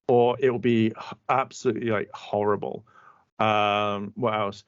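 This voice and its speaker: A man's voice: fairly low pitch, level tone, moderate pace, no room sound. A man co-hosting a podcast, telling a rambling story in casual chat and swearing freely. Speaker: podcast co-host. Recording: dull, muffled audio.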